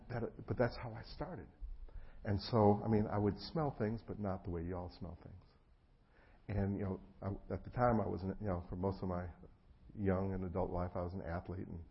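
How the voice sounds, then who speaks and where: A middle-aged man preaching a sermon, telling personal stories, acting out the voices of the people in them and swinging from hushed tones to loud bursts. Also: lowish voice, slightly rough, lo-fi sound. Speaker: pastor. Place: church hall before an audience.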